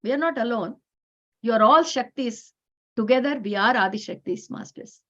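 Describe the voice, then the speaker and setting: Indian woman facilitator, high register, insistent delivery, dull lo-fi call sound. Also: normal speed. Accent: Indian English. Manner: emphatic, repetitive, animated. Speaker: workshop facilitator. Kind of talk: spiritual talk to a women's group. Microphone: video call.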